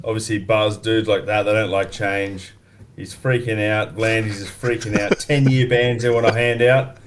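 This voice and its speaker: Laid-back lower-voiced man. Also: fairly even intonation, moderate pace, slight background noise. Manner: laid-back, cheeky, swears, slangy. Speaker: co-panelist. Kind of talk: casual banter.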